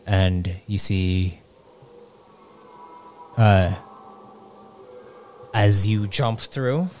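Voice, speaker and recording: A man narrating a tabletop game as game master, halting with fillers. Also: on the low side, a little mellow, slight background noise.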